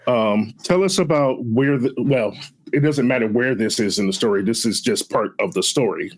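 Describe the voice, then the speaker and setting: A man's voice: medium pitch, normal speed, poor audio. A man hosting an interview show, chatty and easygoing, who laughs often and talks straight to his audience.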